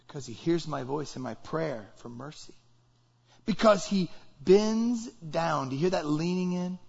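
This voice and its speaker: A man's voice: on the high side, expressive, unhurried, creaky, husky, dull audio. A male pastor preaching a conversational sermon to his church, acting out short example conversations. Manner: conversational, acts out example dialogues.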